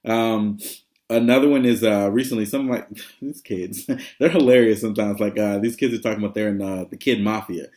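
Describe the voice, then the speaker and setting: A man's voice: fairly low pitch, fairly even intonation, a little fast, a little mellow. A man giving a casual vlog update, chatty and rambling, with lots of fillers and frequent laughs. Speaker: vlogger.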